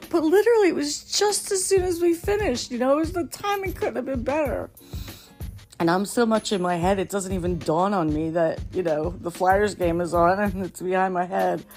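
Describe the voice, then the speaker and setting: A woman hosting a podcast, telling embarrassing stories in a casual monologue, often laughing, her voice jumping high when she gets excited. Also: normal speed, faint music behind. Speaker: podcast host.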